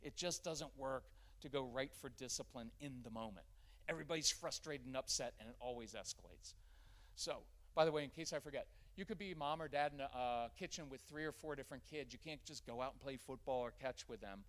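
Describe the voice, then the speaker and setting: A man's voice: mid-range voice, brisk. A man giving a live parenting workshop in a church, talking straight to his audience and acting out what parents and kids say. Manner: animated, acts out quoted parents and kids.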